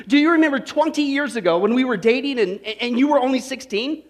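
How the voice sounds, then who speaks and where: A man's voice: very high-pitched, animated, pitched above the performer's own voice. A male preacher voicing a tearful, long-married husband who stammers over his words in a joke. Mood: wistful. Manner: halting, stammering.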